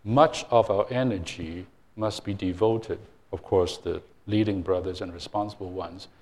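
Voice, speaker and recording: A man's voice: low voice, steady tone, normal speed, a little mellow. An older man, a church minister, giving an informal sermon full of self-deprecating stories, with frequent fillers and restarts.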